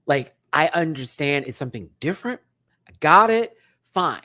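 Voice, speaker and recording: A man reviewing a reality show on a livestream, chatty and animated, swinging between loud bursts and hushed asides. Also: a little high, normal speed, dry recording, studio quality. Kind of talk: casual livestream commentary.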